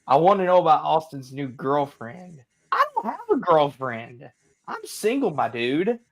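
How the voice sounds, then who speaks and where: A man's voice: on the high side, big pitch swings, measured pace. A young man co-hosting a casual sports livestream, teasing his friends and laughing as he talks. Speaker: co-host.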